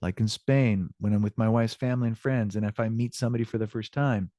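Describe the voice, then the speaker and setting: A man's voice: fairly low pitch, fairly even intonation, fast, mellow, dry recording, clean studio sound. An older man teaching a Spanish class in a chatty, upbeat way. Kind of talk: classroom lesson.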